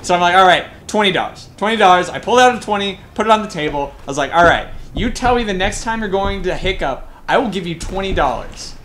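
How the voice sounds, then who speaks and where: A young man from Colorado, a game caster telling rambling, excited stories between plays in casual chat, with frequent swearing. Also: high-pitched, fast talker, hardly any pauses, slight background noise. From Colorado, USA. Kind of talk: casual storytelling during a game broadcast.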